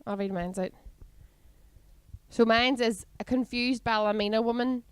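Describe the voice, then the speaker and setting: A woman's voice: fairly high pitch, steady tone, measured pace, clean tone, dry recording. Wry Northern Irish woman, podcast co-host. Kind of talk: casual podcast chat.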